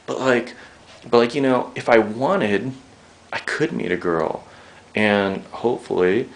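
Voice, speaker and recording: Casting note: young male interviewer, low voice, rambling, profane, emotional. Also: a little slow. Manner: swears a lot, rambling, jokey, emotional.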